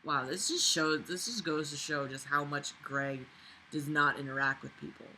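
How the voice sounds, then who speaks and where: A woman's voice: low voice, moderate pace, sharp tone, slight background noise, poor audio. A drunk young woman reading a story aloud for her channel, breaking off into swearing, mocking, exasperated comments.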